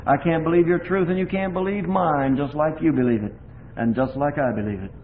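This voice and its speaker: An older man preaching an impassioned sermon with a personal testimony, swinging between hushed, quiet passages and loud, emphatic ones. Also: fairly high pitch, a little fast. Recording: tinny lo-fi recording with faint hiss.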